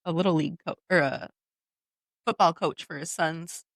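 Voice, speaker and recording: A woman hosts a relaxed podcast conversation. She laughs easily and tells her stories with animated energy. The sound is dry and close, with no room echo. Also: sits low, normal speed, gravelly. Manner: giggly, animated storyteller. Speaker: podcast host. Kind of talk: casual chat.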